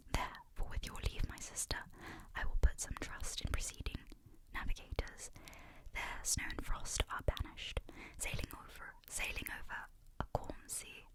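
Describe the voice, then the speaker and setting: A woman in whispered role-play, reading as an earnest young male polar explorer in an attempted British accent, halting and rereading lines. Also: natural voice, rough recording.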